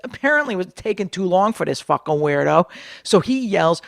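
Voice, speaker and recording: A middle-aged woman comedian in casual podcast chat, brash and profane, telling stories with lively quoted voices. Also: fairly low pitch, brisk, creaky, dry recording, studio quality.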